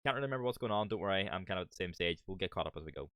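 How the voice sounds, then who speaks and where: A man's voice: sits low, expressive, racing, a bit bright, no room sound. A man with an Irish accent streaming a game, chatting with viewers in a rambling way and swearing now and then. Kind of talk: casual gameplay commentary.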